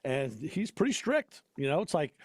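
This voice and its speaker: A man who is an auto mechanic hosts a casual podcast talk show, telling rambling shop stories and laughing often. His husky voice is on the high side with big pitch swings, and he speaks at a moderate pace. There is no room sound.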